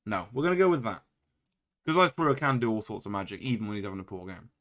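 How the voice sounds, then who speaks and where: A man's voice: on the low side, fast talker, fairly bright tone. Wry man commentating his game. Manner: wry, exasperated play-by-play with self-mocking asides. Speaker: video game player and commentator. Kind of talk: casual gameplay commentary.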